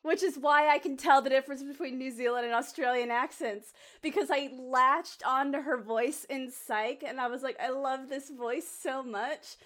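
A woman's voice: high-pitched, normal speed, few pauses, a bit bright. A woman co-hosting a podcast in casual chat, laid-back, swearing casually and laughing a lot. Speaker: podcast co-host.

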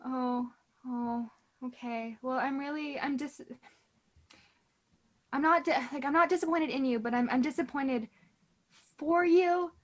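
Woman, high voice, chatty, self-deprecating, laughs a lot, casual podcast chat. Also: measured pace, long pauses. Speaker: podcast co-host.

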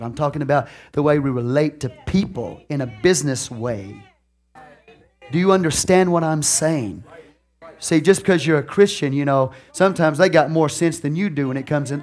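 A man preaching a sermon to his congregation, swinging from hushed confessions to shouted lines and laughing often. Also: medium pitch. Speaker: pastor. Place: church.

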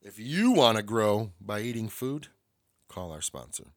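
A man's voice: fairly low pitch, sing-song, a little slow. Blunt, swearing man ranting. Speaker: podcast host. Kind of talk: casual ranting monologue. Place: small home studio.

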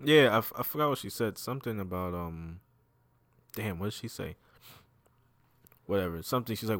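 A man in his thirties, co-hosting a casual podcast, retells a comic story in relaxed slang and acts out the characters' lines. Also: on the low side, brisk, long pauses, dry recording. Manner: laid-back slangy storytelling, acting out lines. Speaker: podcast co-host.

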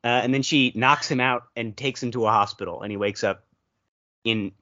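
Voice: mid-range voice, normal speed, a bit bright, lo-fi sound. A podcast co-host chatting casually about movies, telling long rambling stories with playful quoted asides.

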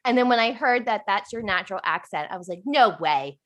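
A woman from Virginia hosting a podcast interview, bubbly and animated, laughing often as she chats. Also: mid-range voice, fast talker. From Virginia, USA. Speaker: podcast host. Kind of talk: casual interview chat.

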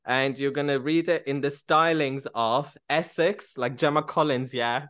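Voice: mid-range voice, fairly even intonation, measured pace, a bit bright. A podcast host running a quiz game, upbeat and encouraging. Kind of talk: game-style quiz presenting.

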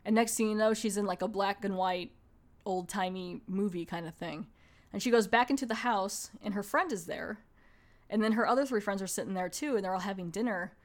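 A woman's voice: mid-range voice, a little fast. A woman casually reviewing a horror anthology film, retelling scenes in a chatty way with quoted lines. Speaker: movie reviewer.

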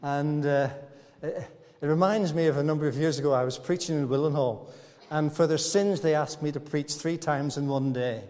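A man's voice: fairly high pitch, steady tone, normal speed, darkish tone. A man preaching a sermon in a church, talking to the congregation in a folksy, good-humored way. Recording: church hall reverb.

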